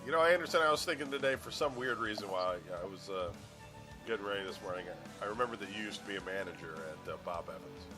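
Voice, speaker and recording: A man's voice: on the low side, racing, over music. A man in casual podcast chat, teasing and curious, asking playful questions. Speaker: podcast co-host.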